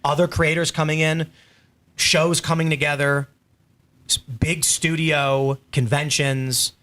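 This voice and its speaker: A man's voice: on the high side, little pitch movement, slow pace, bright, forceful tone. Casual man hosting a panel show. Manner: rambling, storytelling with acted quotes. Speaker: host.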